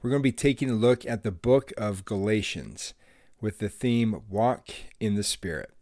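Man, podcast host, earnest friendly storytelling, fairly low voice, dry close sound. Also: expressive, normal speed, darkish tone, no room sound. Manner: earnest and friendly, laughs while telling stories.

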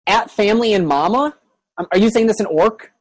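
A game master describing a fantasy scene for players, full of pauses and restarts. The sound is dry and close. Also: medium pitch, dry recording. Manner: hesitant, many fillers and restarts. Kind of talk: narrating a tabletop game.

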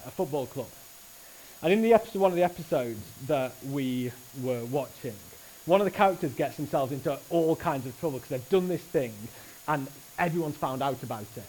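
A man preaching a sermon at a church service, earnest and animated, often restarting his phrases. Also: on the high side, slight background noise, poor audio.

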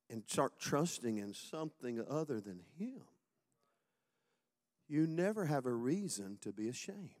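A man preaching a sermon to a congregation, swinging from loud, fast exhortation to soft, slow reflection and calling on the crowd to repeat phrases. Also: medium pitch, expressive. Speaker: pastor. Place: church sanctuary before a congregation.

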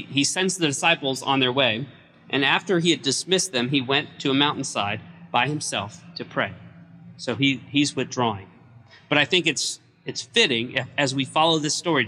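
A man preaching a midweek sermon as pastor, retelling a scripture story in a lively, conversational way. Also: medium pitch, in a large hall, low-quality recording. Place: church during a midweek service.

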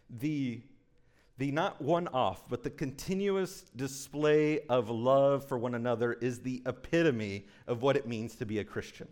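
A man in his thirties preaching a sermon as pastor, moving between slow, soft emphasis and quick, chatty storytelling with frequent asides to the congregation. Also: medium pitch, expressive. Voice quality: conversational with frequent "right?" asides.

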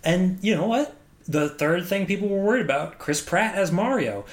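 Slightly high-voiced guy on a movie podcast, eager, chatty. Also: lively intonation, moderate pace. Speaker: podcast co-host. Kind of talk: casual chat.

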